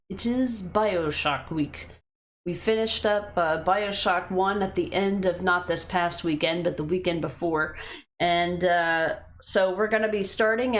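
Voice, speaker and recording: A woman's voice: medium pitch, unhurried. A young adult woman from the United States, streaming a game and chatting casually with viewers in a rambling way. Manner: rambling, talks to chat and her cat. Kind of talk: casual chat with live chat. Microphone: headset.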